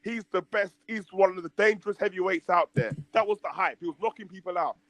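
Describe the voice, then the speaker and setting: A man's voice: sits high, fast talker, fairly bright tone, no room sound, low-quality recording. A man in a heated casual debate, stammering and restarting as he argues his case at length. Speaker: debate panelist.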